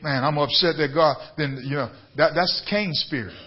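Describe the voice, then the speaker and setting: Bishop doing a radio sermon, kinda high voice, gets loud and repeats questions, muffled lo-fi sound. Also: male voice, normal speed. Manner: rising to emphatic calls with repeated questions. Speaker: bishop and pastor.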